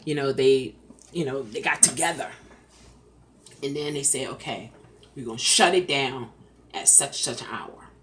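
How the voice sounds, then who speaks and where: A woman chatting casually on a live stream, reading comments aloud and often breaking into loud laughter. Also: extremely low pitch, a little slow, pauses often, a little hiss or hum. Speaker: rideshare driver vlogger reading live chat.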